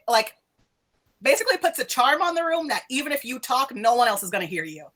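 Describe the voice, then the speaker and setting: A woman's voice: high-pitched, lively intonation, fairly quick, a bit bright. Chatty woman running a tabletop game. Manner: loose, chatty, full of "like" and laughs. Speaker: game master.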